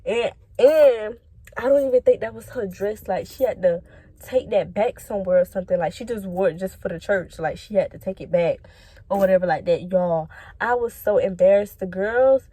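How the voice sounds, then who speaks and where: A woman's voice: mid-range voice, normal speed, breathy edge, no echo. A young woman telling a casual, profane story about quitting a job, talking straight to her viewers. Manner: blunt, profane, animated, talks straight to viewers. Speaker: storytime vlogger.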